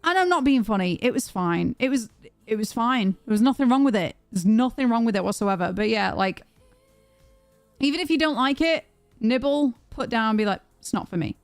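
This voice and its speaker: A young British woman streaming, telling a story to her chat in a chatty, animated way with plenty of restarts. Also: on the high side, normal speed, smooth, dry recording, soft background music. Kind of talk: casual storytelling to a live chat.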